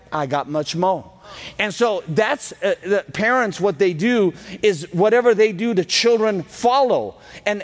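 Male pastor, high voice, lively casual storyteller preaching; long hall reverb. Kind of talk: sermon.

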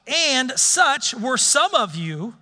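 Male pastor, high and bright, animated sermon delivery, echoey sanctuary. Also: slow. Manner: lively, urging the congregation to join in. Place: church sanctuary.

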